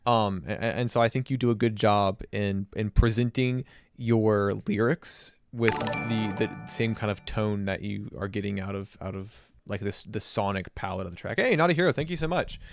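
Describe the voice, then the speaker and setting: A man's voice: fairly low pitch, normal speed, gravelly, soft background music. A man casually reviewing a submitted track on a livestream, giving thoughtful and encouraging feedback. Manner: thoughtful, encouraging critique with casual filler words. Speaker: music review streamer.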